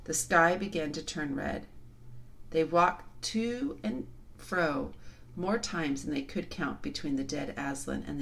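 A woman reading a children's novel aloud in an expressive, dramatic storytelling style. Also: sits low, gravelly, a little hiss or hum. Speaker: storybook reader.

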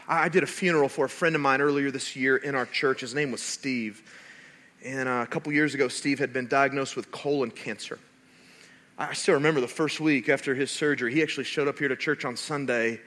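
A man, a pastor, preaching a sermon and telling stories with animated, rising emphasis. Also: medium pitch, fairly quick.

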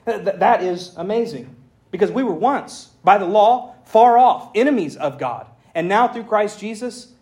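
A man preaching a sermon as pastor, reading scripture aloud in an animated way with folksy asides. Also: sits high.

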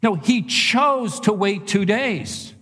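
A male pastor preaching a sermon in a church, animated and conversational, repeating phrases for emphasis. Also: high-pitched, takes it slowly. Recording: long reverb of a large hall.

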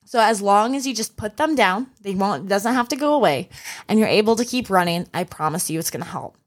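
A woman's voice: medium pitch, animated, a little fast. A young adult woman hosting a solo podcast as a running coach, telling a race story and giving earnest, encouraging advice. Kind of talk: casual solo podcast talk.

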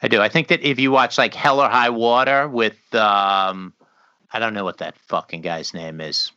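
A man's voice: on the low side, fairly even intonation, normal speed, pushed and bright, smooth, no echo. A man co-hosting a casual chat, swearing freely and rambling through his thoughts, often stopping to restart. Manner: profane, rambling, trails off and restarts. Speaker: podcast co-host. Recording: slightly dull lo-fi sound.

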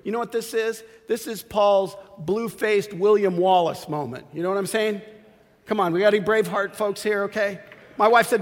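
Animated man preaching in a reverberant hall. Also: moderate pace. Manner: animated preaching, swings from shouts to low asides. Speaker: pastor. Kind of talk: sermon. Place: church sanctuary.

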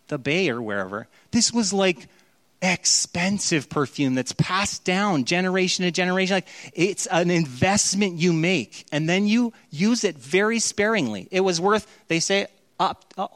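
A man preaching a sermon as pastor, in an animated, conversational way that acts out quoted voices. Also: high voice.

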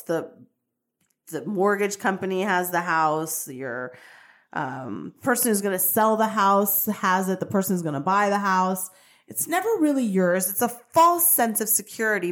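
Chatty woman telling a personal story. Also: medium pitch. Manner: chatty, animated, digressive. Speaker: podcast host.

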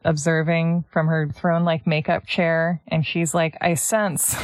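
A woman's voice: low voice, monotone, unhurried, no room sound. A young adult woman co-hosting a podcast, chatting casually with jokes and frequent "like"s. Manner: reactive listener, gasps and jokes, frequent "like". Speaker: podcast co-host. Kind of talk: casual chat.

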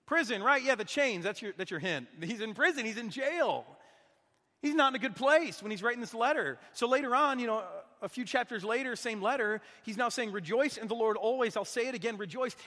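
A man's voice: very high voice, sharp tone, big-room sound. A man preaching a sermon in an earnest, conversational way, often asking his listeners questions. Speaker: guest preacher.

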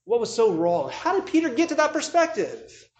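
A man preaching a sermon, conversational and animated, acting out the voices of people in the story. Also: extremely high pitch, moderate pace. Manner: conversational, many fillers and asides. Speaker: pastor. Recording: echoey room.

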